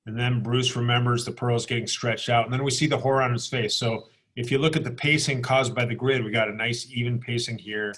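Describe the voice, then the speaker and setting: A male art instructor talks through comic pages in a recorded class lecture. His voice sits at an ordinary middle pitch. He explains step by step, restarting phrases and checking in with his students. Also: steady tone, a little fast, few pauses, a bit bright. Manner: explanatory, with frequent restarts and "okay?" check-ins.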